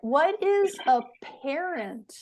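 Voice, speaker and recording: A woman teaching English in a webinar, explaining words slowly and patiently with clear stress. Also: high voice, lively intonation, a little mellow.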